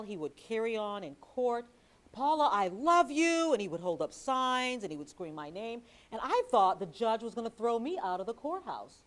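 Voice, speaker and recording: Speaking in a voice on the low side, a woman who is both an author and a TV news reporter gives a library lecture. She tells lively anecdotes, tosses in chatty asides, and reads from her book.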